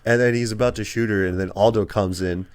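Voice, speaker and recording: A man's voice: fairly low pitch, fairly even intonation, fast talker, a little mellow, clean tone, dry recording. A man co-hosting a casual movie review podcast, retelling scenes with lots of "and then he goes like.". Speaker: podcast co-host.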